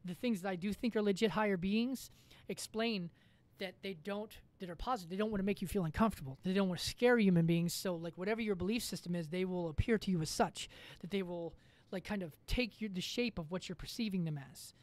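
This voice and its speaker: A woman's voice: medium pitch, quick pace, darkish tone. A woman as a podcast guest in casual chat, rambling through a story with lots of fillers and casual swearing.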